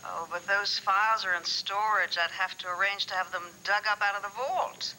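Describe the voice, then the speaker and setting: A woman's voice: medium pitch, normal speed, sharp tone, a little hiss or hum, rough recording. An actress playing a polite, evasive woman who hedges with many fillers, in 1980s soap opera style. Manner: hesitant, hedging with fillers.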